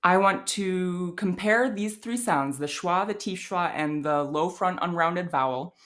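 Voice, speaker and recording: Slow-spoken Midwestern woman teaching pronunciation. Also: on the low side, fairly bright tone. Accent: American Midwest. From Wisconsin, USA. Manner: thinks aloud with fillers, demonstrates sounds, laughs lightly. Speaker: language teacher. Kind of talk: casual explanatory lesson.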